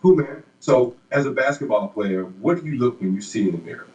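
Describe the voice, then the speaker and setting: A man's voice: medium pitch, animated, fairly quick, a little mellow, dull audio. A man interviewing an athlete on camera, coaching and encouraging him.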